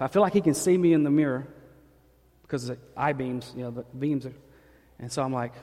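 A man preaching as a pastor, telling a personal story in an animated, joking way. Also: medium pitch, fairly quick. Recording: echoey hall.

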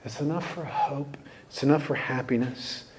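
A man preaching a sermon, earnest, rising to emphatic peaks and then dropping soft. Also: medium pitch, normal speed, a little hiss or hum. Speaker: pastor.

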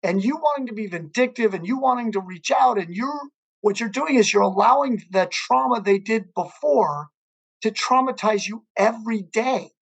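A man's voice: high-pitched, normal speed, breathy edge. A man hosting a podcast interview, speaking earnestly with a storyteller's repetitions. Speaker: podcast host. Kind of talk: conversational interview.

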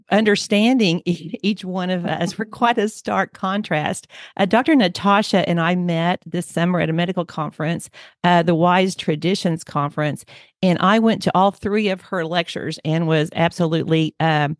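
A woman's voice: lowish voice, no echo, clean studio sound. A woman with an Oklahoma Southern twang, hosting a podcast interview in an effusive, enthusiastic way with many fillers. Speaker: podcast host. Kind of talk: casual interview.

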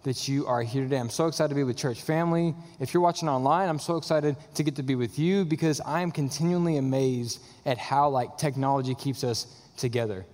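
A young man, a worship leader, preaching a sermon in a church with an excited, chatty manner. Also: medium pitch, a little fast, few pauses. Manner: enthusiastic, chatty, filler-heavy. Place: church sanctuary. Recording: long reverb of a church hall.

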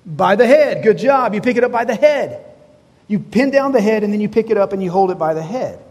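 High-voiced, husky preacher in a hall. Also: male voice, expressive, a little fast, darkish tone, highs cut off. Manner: conversational preaching, asks the congregation questions, voices God and Moses in quotes. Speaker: pastor. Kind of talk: sermon. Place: church hall before a congregation.

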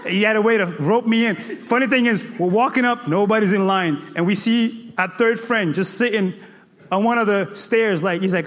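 A man from Cape Verde preaching in a comic, animated storytelling manner, full of playful exclamations and laughter. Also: high-pitched, moderate pace. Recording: echoey hall reverb.

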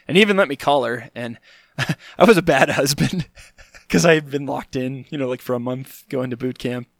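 A man's voice: mid-range voice, a bit bright, no echo. A man in his thirties hosting a podcast, telling a comic story about himself in a playful, self-mocking way and acting out quotes in exaggerated voices. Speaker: podcast host.

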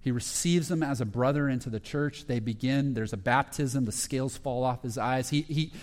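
A man preaching a sermon as a pastor, retelling a story with lively quoted voices. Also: mid-range voice, moderate pace. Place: church sanctuary. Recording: long reverb of a hall.

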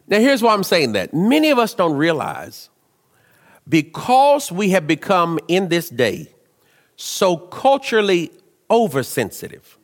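A man preaching a sermon, telling stories in an animated way, dropping to low asides and rising to shouts. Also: unhurried, long reverb tail.

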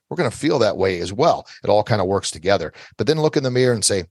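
A middle-aged man with a lowish voice talks listeners through confidence tips like a coach, earnest and steady, leaning on repeated phrases. The sound is dry and close, with no room around it. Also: quick pace, hardly any pauses, no room sound. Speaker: self-defense instructor guest. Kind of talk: motivational interview advice.

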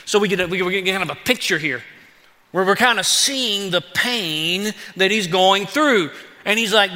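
A man preaching a sermon, lively and conversational, acting out the pleas of the psalm in a casual voice. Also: high voice, normal speed. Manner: animated, acts out David's pleas in casual voice. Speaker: pastor. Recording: long hall reverb.

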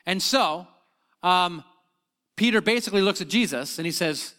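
A man's voice: high voice, fairly quick, sharp tone. A man teaching a sermon on scripture in a conversational way, with frequent fillers and restarts. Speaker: preacher.

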